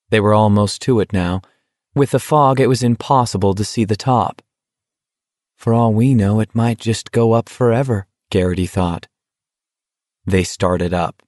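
A man reading a novel aloud as scripted narration, in a steady, measured way. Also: fairly low pitch, no room sound, studio quality. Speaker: audiobook narrator.

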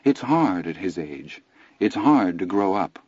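A man narrator voicing a calm, cold, controlling middle-aged stepmother who speaks low and quietly cutting. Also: measured pace, slightly rough, no echo, muffled recording, full character voice. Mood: icy calm.

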